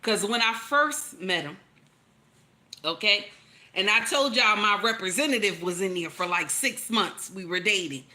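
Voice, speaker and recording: Emphatic woman with a bright voice. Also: mid-range voice, expressive, measured pace. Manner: emphatic, repeats lines, calls out to listeners. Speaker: relationship commentator. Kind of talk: casual preachy commentary.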